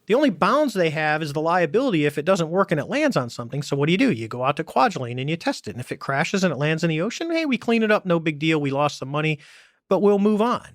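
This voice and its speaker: A man's voice: on the high side, fast, dry recording, clean studio sound. A man, a former navy pilot as podcast guest, talking casually and bluntly, acting out quoted dialogue as he tells stories. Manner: animated storytelling, acts out quoted dialogue. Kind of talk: casual conversation.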